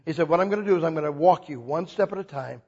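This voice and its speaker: A man preaching a sermon as a pastor, telling stories with lively acted-out quotes. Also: racing, husky, highs cut off. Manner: animated storytelling, acts out quotes with big pitch jumps.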